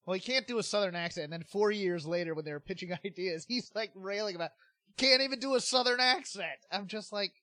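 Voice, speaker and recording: Man, podcast host, rambling storyteller, slightly high voice, dry close sound. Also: fast talker, hardly any pauses, a bit bright, dry recording. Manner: chatty storyteller, laughs often, frequent restarts. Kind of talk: casual chat.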